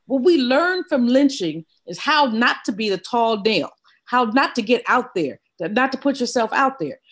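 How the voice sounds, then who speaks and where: An older woman, a guest in an interview, telling a personal story in a vivid, animated way. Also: a little high, normal speed. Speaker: guest economist.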